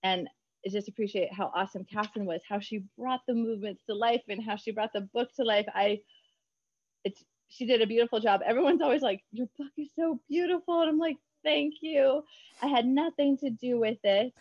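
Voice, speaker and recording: A woman author chatting in an interview, bubbly and quick, acting out her own remarks in lively voices. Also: a little high, no room sound, dull audio. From United States. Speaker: author guest. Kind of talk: casual interview chat.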